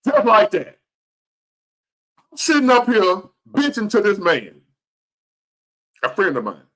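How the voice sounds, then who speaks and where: Blunt, high-voiced man in his fifties. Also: sing-song, slow, fairly bright tone. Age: 50s. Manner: blunt, profane, preachy. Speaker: vlogger. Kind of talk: motivational rant to camera.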